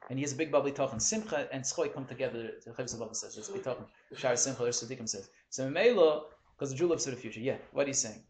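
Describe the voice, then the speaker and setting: A man teaching a Talmud lesson in Yeshivish English, talking fast and animated, swinging between loud exclamations and low asides. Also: roomy sound. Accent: Yeshivish English with Hebrew and Yiddish terms. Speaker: Torah teacher.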